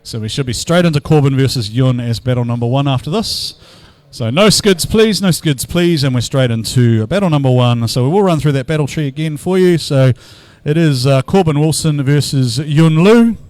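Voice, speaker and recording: A man's voice: mid-range voice, a little fast, few pauses, a little mellow, dry recording. A man commentating live at an outdoor drift event, bantering and teasing the crowd between battles.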